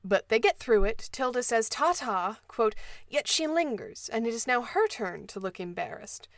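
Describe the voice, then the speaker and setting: A woman's voice: on the high side, animated, normal speed, gravelly. A woman hosting a book podcast, summarizing a novel with wry, sarcastic asides. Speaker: podcast host.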